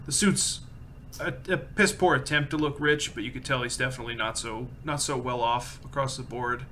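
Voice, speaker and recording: A man's voice: medium pitch, moderate pace, sharp tone, a little hiss or hum. A man running a tabletop game as game master, narrating in a loose, casual, descriptive way.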